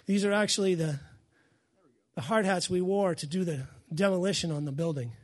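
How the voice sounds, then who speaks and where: A man with a notably high voice delivers a sermon as pastor. He preaches with fire, bursting into shouts and hammering phrases over and over inside his church. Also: moderate pace. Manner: fiery, shouting, repeats phrases.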